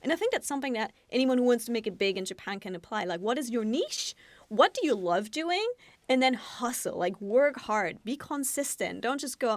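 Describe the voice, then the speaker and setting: A woman's voice: fairly high pitch, big pitch swings, normal speed, no room sound. A woman co-hosting a casual podcast chat, bubbly and giggly as she talks about her presenting work.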